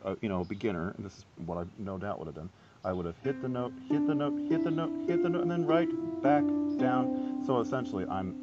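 A man giving a casual, self-deprecating harp lesson, chatty and quick to laugh at himself. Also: on the low side, lo-fi sound. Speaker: harp teacher.

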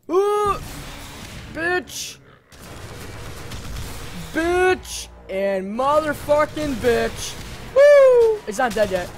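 A young man hosting a gaming channel, reacting loudly as he plays, swearing constantly and gasping and yelping at scares, speaking into a home desk mic. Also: sits high. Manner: excitable, swears constantly, yelps and gasps at scares. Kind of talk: live let's-play commentary. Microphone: home desk mic that glitches.

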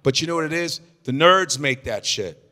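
A man riffing stand-up on stage, his high, bright voice swinging wide as he swears and shouts his punchlines. The sound carries the long reverb of a large room. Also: lively intonation, normal speed. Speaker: stand-up comedian.

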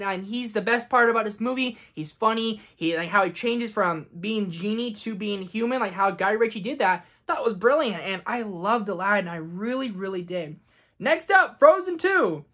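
A man's voice: high-pitched, a bit bright. A young man in his twenties casually ranking movies for his vlog, enthusiastic and ranty, sometimes acting out quoted lines. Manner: enthusiastic and ranting, slips into quoted voices. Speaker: movie review vlogger.

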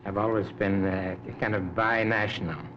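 Older man answering slowly on a hissy 1950s recording. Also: lowish voice, flat delivery. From Canada. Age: 70s. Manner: measured, unhurried, many hesitations. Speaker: interview guest, Arctic explorer. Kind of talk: unscripted interview answers. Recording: dull lo-fi 1950s recording with clear hiss.

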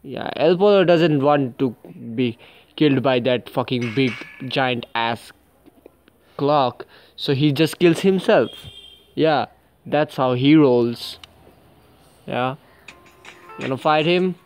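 A man's voice: medium pitch, slow pace. A young man giving casual, profane gameplay commentary and talking to the characters on screen. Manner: swears a lot, talks to the game characters. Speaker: gaming channel host.

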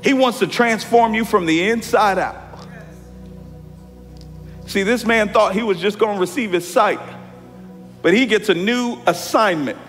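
A man in his thirties preaching a lively sermon as pastor, often calling the congregation y'all. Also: sits high, a little slow, pauses often, soft background music. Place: church sanctuary. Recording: hall reverb from church sanctuary.

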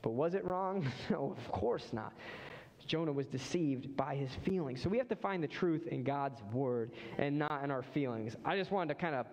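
A man preaching a sermon as pastor, lively and animated, acting out the voices of people in the story. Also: fairly high pitch, normal speed, in a large hall. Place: church hall.

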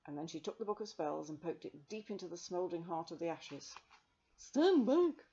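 A woman reads a children's novel aloud in a gentle, measured way. Her voice sits low with a gravelly texture. The recording sounds dull and lo-fi. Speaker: reader.

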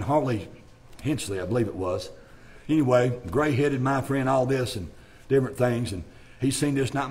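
A man's voice: medium pitch, darkish tone, slight background noise. A middle-aged male pastor, preaching a folksy, rambling revival sermon in a church and repeating "my friend" and "bless God" throughout. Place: church sanctuary.

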